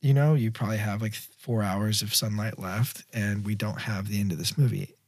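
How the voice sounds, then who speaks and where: Male director guest, lowish voice, dry close sound, loose rambling storyteller. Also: normal speed, dry recording. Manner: rambling, filler-heavy, animated storyteller. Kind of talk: casual interview storytelling.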